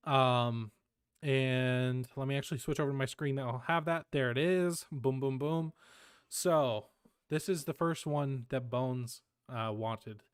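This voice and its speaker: A man's voice: medium pitch, steady tone, a little slow, clear, resonant tone, dry recording, studio quality. A young man co-hosting a casual podcast, laid-back and laughing often as he plays clips. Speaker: podcast co-host.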